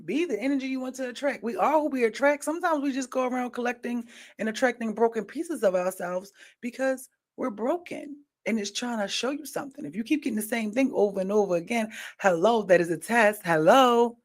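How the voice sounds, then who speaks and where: A woman podcast host in casual commentary, animated and preachy, rambling with slang. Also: a little high, fairly quick.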